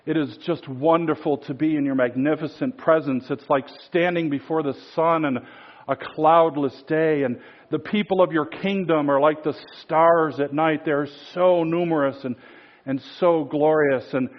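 Casting: man playing an oily flatterer, raised pitch, over-the-top fawning, lo-fi sound. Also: normal speed, close to an everyday voice. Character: gushing male flatterer at a king's court.

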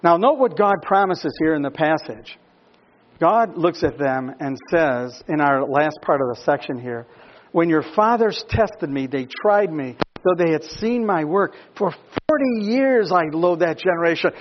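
A male pastor with a high voice delivers a sermon, moving between calm explanation and emphatic, rising questions to his listeners. The recording is dull and lo-fi. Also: unhurried.

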